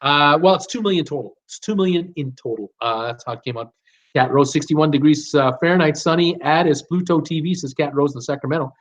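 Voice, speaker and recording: A man's voice: on the high side, fairly quick. A middle-aged man hosting a live stream, casually reading out viewer comments and answering them with many fillers and restarts. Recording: dull lo-fi stream audio.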